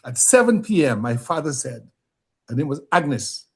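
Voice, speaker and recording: A man from Dominica in a conversational interview, telling family stories and growing animated when he quotes others. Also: on the high side, moderate pace, slightly rough.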